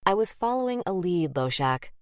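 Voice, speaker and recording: A tense, guilt-ridden female profiler, quick to defend herself, as a woman narrator voices her. Low-pitched and dry, close to the mic in an audiobook. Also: very animated, dry recording.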